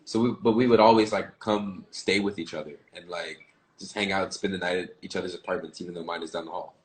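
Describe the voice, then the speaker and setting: A man's voice: low-pitched, fairly even intonation, fast, low-quality recording. A man from the American South, a guest actor chatting casually and playfully on a live stream. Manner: laid-back, playful, lots of "like".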